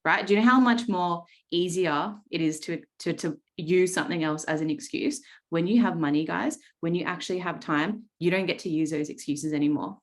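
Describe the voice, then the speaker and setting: A woman's voice: on the low side, normal speed, few pauses. An Australian woman in her thirties coaching traders on a video call, blunt and swearing freely, often checking in with "right?". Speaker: trading coach. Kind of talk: live coaching session talk.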